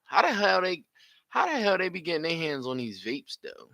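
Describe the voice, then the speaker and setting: A young man giving blunt, profane live reaction commentary full of slang and loud outbursts. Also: fairly high pitch, sing-song, normal speed, gravelly, dry recording.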